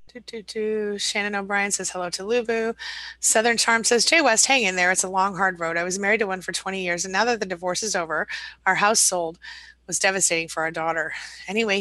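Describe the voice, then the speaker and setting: A woman hosting a live support stream, reading viewer comments aloud and answering them in a warm, chatty way with fillers and light laughs. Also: medium pitch, no echo, rough recording. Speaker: live-stream host and coach.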